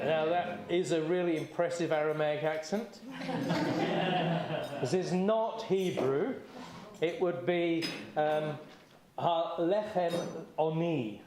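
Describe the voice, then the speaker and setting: A man leading a group seder, chatty and encouraging, with light jokes as he guides the room through it. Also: on the high side. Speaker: seder leader. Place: community hall or synagogue. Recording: echoey room.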